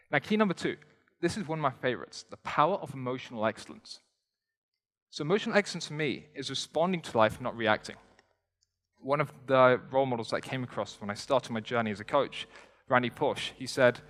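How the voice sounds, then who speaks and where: A young motivational speaker with a mid-range voice rattles through his stage talk at a brisk clip before a live audience in a large hall. He stays energetic and conversational, tossing joking asides to the crowd, and his voice rings out with a long reverb.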